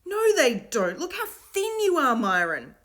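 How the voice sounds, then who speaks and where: A woman voicing an excited, urgent young boy, calling out high and loud. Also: unhurried, exaggerated voice.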